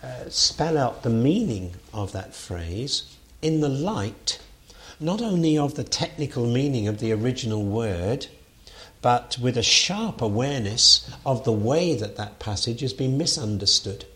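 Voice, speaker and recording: Bright-voiced man lecturing. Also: mid-range voice, lively intonation, measured pace. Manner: thoughtful, with frequent fillers and restarts. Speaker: lecturer on Bible translation. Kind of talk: unscripted lecture.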